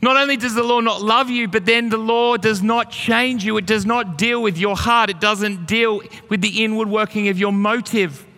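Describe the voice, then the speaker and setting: Male pastor, high bright voice, earnest storytelling sermon, reverberant church hall. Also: fairly even intonation, moderate pace, hardly any pauses. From Australia.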